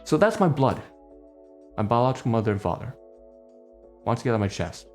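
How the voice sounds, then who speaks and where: A man's voice: medium pitch, very animated, brisk, a little mellow, soft background music. A man venting in a heated, profane, emphatic monologue as a channel host.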